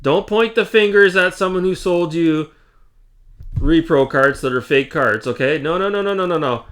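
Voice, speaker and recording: A man's voice: fairly high pitch, normal speed, a bit bright. Exasperated Canadian man ranting. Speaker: gaming channel host. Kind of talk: casual rant to camera.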